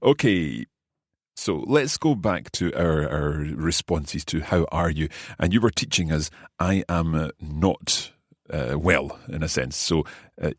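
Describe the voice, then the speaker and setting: A man hosting a language lesson podcast as the learner, asking curious questions and slowly repeating new phrases. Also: very deep voice, dry recording, studio quality. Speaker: host and learner.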